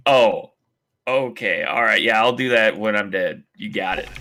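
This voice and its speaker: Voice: medium pitch, measured pace, bright, forceful tone, dry recording. A guest on a stream, arguing playfully and teasing the host in casual chat.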